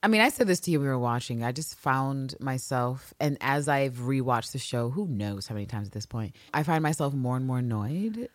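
A woman co-hosting a casual recap podcast, talking in an animated, sarcastic, profane way into a studio mic. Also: a bass voice, fairly quick, hardly any pauses, no room sound. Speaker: podcast co-host.

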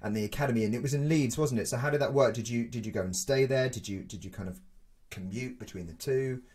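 A man's voice: medium pitch, darkish tone. A man interviewing a guest in a casual chat, often repeating words as he shapes his questions. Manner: halting, repeats words while forming questions.

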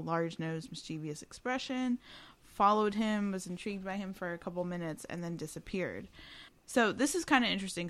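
A woman co-hosting a podcast at home with the windows open, telling stories in a chatty, casual way and laughing often. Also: medium pitch. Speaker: podcast co-host. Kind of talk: casual storytelling chat.

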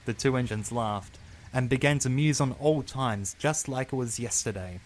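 A man reading a children's story aloud as narrator, in a steady, expressive voice. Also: medium pitch, normal speed, slight background noise. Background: background music.

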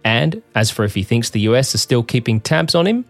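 A man narrating a documentary in a measured, scripted way. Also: medium pitch, very animated, dry recording, faint music behind. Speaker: documentary host.

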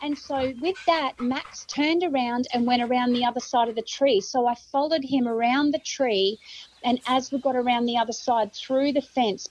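A middle-aged Australian woman, a grandmother, vividly retelling a tense search in an interview and acting out her own shouts and thoughts. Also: fairly high pitch. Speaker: grandmother of a found child. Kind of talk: emotional interview storytelling. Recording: dull lo-fi sound.

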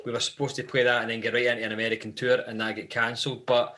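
A man's voice: mid-range voice, level tone, rapid-fire, pushed and bright. A Scottish man, a guest in a live podcast interview, telling long rambling anecdotes about life on the road. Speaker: band member guest.

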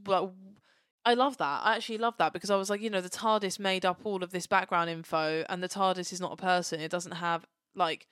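A woman with a smooth, clear voice chats as a podcast co-host, frank and quick with dry asides. The sound is close and dry, with no room around it. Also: fairly low pitch, fairly bright tone, no echo. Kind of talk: casual chat.

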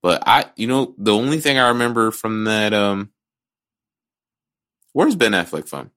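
A man's voice: fairly low pitch, lively intonation, a little slow, a bit bright. A man co-hosting a casual movie podcast, talking bluntly and profanely, often restarting his sentences. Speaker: podcast co-host.

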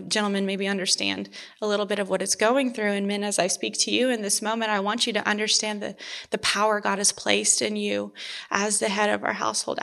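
A woman giving an earnest personal faith testimony, halting and restarting as she talks. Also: mid-range voice, vocal fry, pushed and bright.

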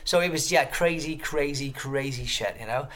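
A man telling stories as an interview guest, rambling and excitable, swearing constantly. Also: mid-range voice, moderate pace. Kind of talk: casual storytelling interview.

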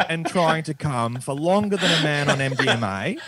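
Man, stand-up comedian, dry self-mocking delivery, lively pitch, slightly high voice, dry close sound. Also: normal speed, hardly any pauses, slight background noise. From Australia.

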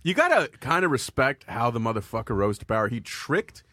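A man's voice: medium pitch, big pitch swings, brisk, sharp tone, dry recording, clean studio sound. A man talking casually on a podcast, swearing freely as he tells a long story. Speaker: guest comedian.

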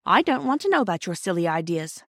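A woman's voice: a little high, sing-song, moderate pace, a bit bright, dry recording, studio quality, pitched above the performer's own voice. A woman voicing a spirited, indignant girl. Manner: indignant and eager. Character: spirited, disdainful older sister, a girl. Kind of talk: storybook read aloud.

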